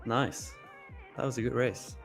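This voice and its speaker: A man's voice: medium pitch, a little slow, vocal fry, faint music behind. A man co-hosting a live trading show, talking loosely, laughing and trailing off mid-sentence. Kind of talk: casual live-stream chat.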